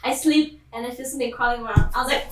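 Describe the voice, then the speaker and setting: A woman's voice: fairly high pitch, echoey room, distant mic, noisy background. A woman telling a story in casual chat, giggly and full of "like" fillers. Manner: fast, giggly, many "like" fillers.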